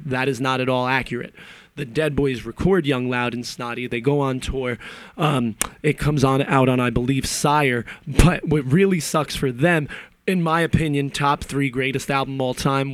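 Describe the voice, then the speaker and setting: A man's voice: mid-range voice, no echo. Man, casual podcast rant, swears a lot, opinionated, dry close mic. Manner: profane, opinionated, digressive storytelling.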